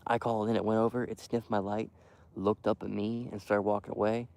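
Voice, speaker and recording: A young man quietly rambling to his live stream while hunting outdoors in the cold wind, full of fillers and restarts. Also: fairly low pitch, flat delivery, fairly quick, vocal fry. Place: outdoors in a windy field edge.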